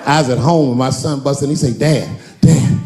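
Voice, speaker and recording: A man in his forties performing a stand-up comedy set on stage, telling a long story and jumping into high-pitched voices for the characters. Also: steady tone, fast, darkish tone, slight background noise. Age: 40s. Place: large theater stage with a live audience.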